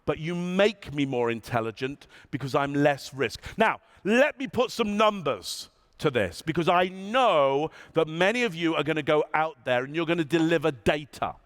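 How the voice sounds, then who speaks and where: A man's voice: fairly high pitch, lively intonation, moderate pace, few pauses. A man giving a conference keynote to a live audience, demonstrating and repeating phrases for effect. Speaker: keynote speaker.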